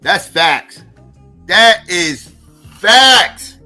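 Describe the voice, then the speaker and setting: A man hosting a live stream, reacting in a heated, profane rant with repeated, drawn-out emphasis. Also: sits high, animated, over loud music.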